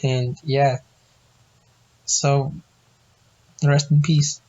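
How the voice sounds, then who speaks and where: A young man co-hosting a podcast, telling lively work stories in casual chat. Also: mid-range voice, extremely slow, lo-fi sound. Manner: storytelling with animated quoted voices. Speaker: podcast co-host.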